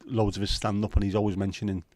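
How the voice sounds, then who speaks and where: A man's voice: lowish voice, little pitch movement, quick pace, darkish tone, dry recording. A man with a Liverpool accent hosting a livestream, chatting casually and bluntly with plenty of swearing while reading viewer comments. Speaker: livestream host.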